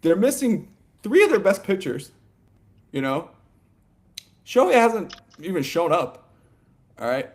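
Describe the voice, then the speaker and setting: A man co-hosting a sports podcast, talking in a loose, animated ramble full of "like" and "you know" and quick laughs. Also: sits high. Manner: laughs often mid-sentence. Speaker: podcast co-host. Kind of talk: casual sports chat.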